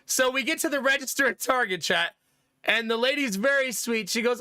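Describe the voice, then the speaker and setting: A young man streaming, retelling everyday family moments in a loose, laughing, animated way. His voice sits high and sounds bright. The sound is close and dry, with no room around it. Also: quick pace, no room sound. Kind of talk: casual storytelling to live chat.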